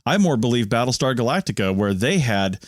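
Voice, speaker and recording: A man's voice: medium pitch, sing-song, a little fast, dry recording, clean studio sound. A man co-hosting an archaeology podcast, talking in a rambling, skeptical way with frequent restarts. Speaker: podcast co-host. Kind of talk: casual podcast chat.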